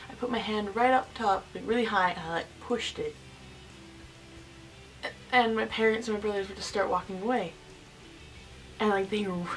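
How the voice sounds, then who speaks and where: A woman's voice: mid-range voice, recorded from a distance, low-quality recording. Rambling giggly teen girl vlogger. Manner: rambling, giggly, lots of fillers. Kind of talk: casual storytelling.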